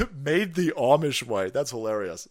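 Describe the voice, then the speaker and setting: A man's voice: mid-range voice, very animated, a little slow, a little mellow. A man hosting a casual livestream, reading viewer messages and answering them with profanity, laughter and rambling asides. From South Carolina.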